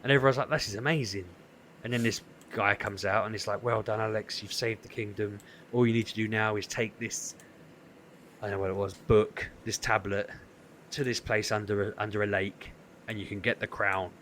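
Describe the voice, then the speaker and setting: Animated man telling a story. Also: fairly low pitch, brisk, a little hiss or hum. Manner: animated storytelling, acts out quotes. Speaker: podcast co-host. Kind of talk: casual chat storytelling.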